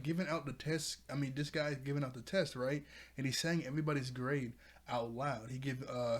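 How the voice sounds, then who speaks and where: A man reviewing a cartoon episode in a casual, rambling video chat, laughing often as he talks. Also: medium pitch.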